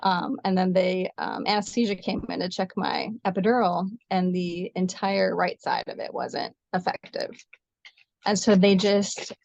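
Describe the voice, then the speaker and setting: A woman nurse telling the story of a difficult birth as an interview guest, animated and quick, acting out what others said to her. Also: fairly low pitch, gravelly, no echo, lo-fi sound. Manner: fast, animated retelling with quoted dialogue. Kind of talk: emotional personal storytelling.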